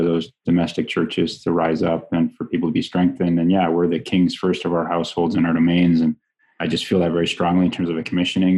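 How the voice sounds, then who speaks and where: A man on a prayer call speaking in a measured, deliberate way. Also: deep voice, dark tone.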